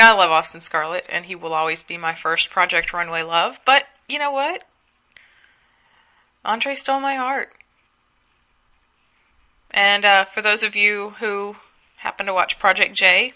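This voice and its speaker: A woman's voice: mid-range voice, pushed and bright. A sleepy young woman chatting casually at home as a solo podcast host, gossiping and rambling with asides. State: sleepy, yawning.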